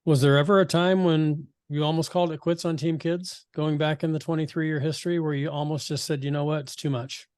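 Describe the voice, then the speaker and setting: Male host, flat even delivery, dry close sound, supportive interviewer. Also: fairly high pitch, a little fast, few pauses, smooth, no echo. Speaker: podcast host. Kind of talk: interview conversation.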